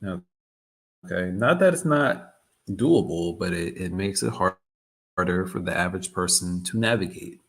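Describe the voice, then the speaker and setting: A man hosts a live trading session in a loose, chatty way and keeps circling back to repeat himself. His voice sits low and has a gravelly, fry-laden texture. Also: animated, unhurried. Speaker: trading livestream host. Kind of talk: casual live-stream chat.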